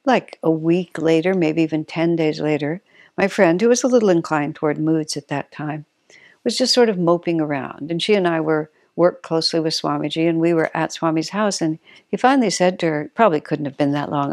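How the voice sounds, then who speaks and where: A woman's voice: deep voice, fairly quick, gravelly, a little mellow, dry recording, clean studio sound. Thoughtful woman giving a spiritual talk. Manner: thoughtful, searching for words, self-correcting.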